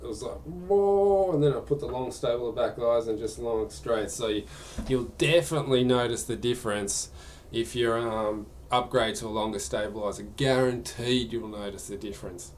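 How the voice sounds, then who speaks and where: A man's voice: mid-range voice, fairly even intonation, brisk, a little hiss or hum. A man chatting casually during a live gaming stream, answering viewer questions in a rambling way.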